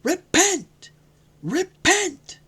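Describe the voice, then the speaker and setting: A man voicing a wild, hoarse male desert prophet who shouts fiercely. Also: very high-pitched, takes it slowly, voice pushed up, exaggerated voice. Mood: fierce ranting.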